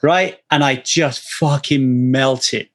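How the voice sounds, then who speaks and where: A man talking candidly in a relaxed conversation, earnest and casually swearing, often restarting his sentences. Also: mid-range voice, normal speed. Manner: acts out quoted speech animatedly.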